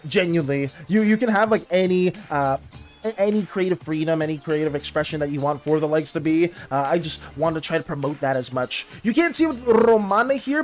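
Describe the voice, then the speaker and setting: Young adult streamer just chatting w chat, rambly, lots of uh and restarts, pitch jumps all over. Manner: rambling and animated, many restarts and fillers. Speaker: livestreaming artist chatting with viewers. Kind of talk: casual livestream chat.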